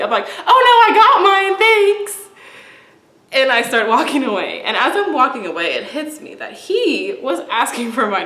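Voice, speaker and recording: A woman's voice: fairly high pitch, a bit bright. A young woman and beauty vlogger, chatting casually and rambling through stories while doing her makeup, often laughing. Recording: roomy echo.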